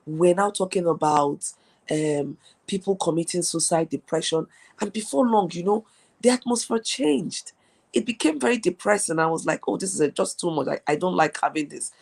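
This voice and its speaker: A woman's voice: on the low side, creaky, darkish tone, slightly rough. A woman from Nigeria hosting a live stream, giving an earnest motivational talk and repeating key phrases for emphasis. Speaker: host.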